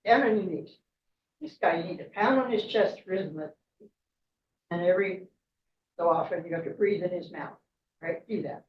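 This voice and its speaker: A woman voicing a calm, secretive talking snake that gives instructions in a storytelling talk. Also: fairly low pitch, normal speed, long pauses, slight background noise, natural voice. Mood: instructing. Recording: echoey room, distant mic, dull sound.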